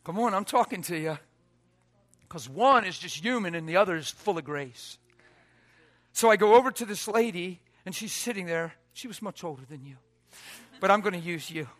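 High, bright-voiced preacher telling a story. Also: male voice, lively intonation, moderate pace. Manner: swings from hushed quoted lines to loud near-shouted exhortation. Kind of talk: sermon with storytelling.

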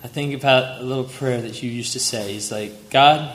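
This young man's voice is medium-pitched, a bit bright and fairly even, and he speaks briskly. Honoring a family friend at a memorial, he shares heartfelt stories while chuckling, in a roomy hall with faint ambience.

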